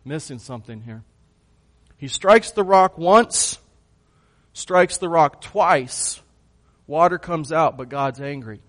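A man preaching a sermon, who swings from hushed lines to loud bursts and puts questions to his congregation. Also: fairly high pitch, expressive, slow pace. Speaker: pastor.

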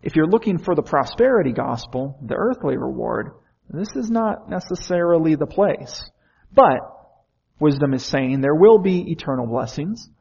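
A man's voice: a little high, animated, moderate pace, vocal fry, a little mellow, husky, dull audio. A man preaching a sermon in an earnest way, often asking the listeners questions.

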